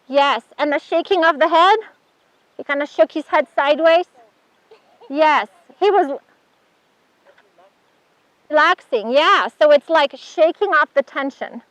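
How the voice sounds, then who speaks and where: A woman's voice: sits high, fairly bright tone, dry recording, highs cut off. A woman teaching a horsemanship workshop, talking casually while working with a horse and often praising it. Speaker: horsemanship instructor. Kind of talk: hands-on outdoor lesson demonstration.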